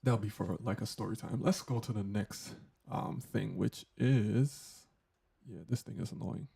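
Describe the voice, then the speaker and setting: A man's voice: on the low side, unhurried, creaky, dark tone, slightly rough. A man hosting a casual hands-on audio tutorial, joking loosely and talking through settings as he tests them. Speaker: tech tutorial host.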